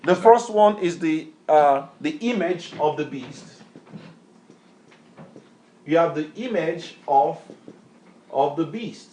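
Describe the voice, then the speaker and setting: A man's voice: on the high side, lively intonation, takes it slowly, pauses often, dark tone, slight background noise. A man preaching and teaching scripture, emphatic, quizzing his reader with repeated questions in a call-and-response style. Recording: echoey room.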